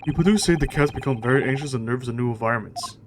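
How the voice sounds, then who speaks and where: A man voicing a confident, eccentric male detective in a theatrical, lowered voice. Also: rapid-fire, background noise, lightly acted. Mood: musing.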